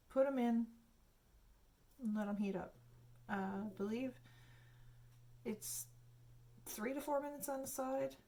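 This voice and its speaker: Recording herself cooking at home with her phone camera, this woman rambles chattily, laughs often, and uses plenty of fillers. Her voice is on the high side with a warm tone.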